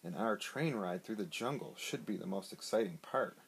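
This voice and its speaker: A man's voice: lowish voice, lively intonation, moderate pace, vocal fry, slightly rough, exaggerated voice. A man voicing a cheerful, bumbling inspector in a near-natural, upbeat voice, recorded on a handheld iPad. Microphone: iPad held in hand.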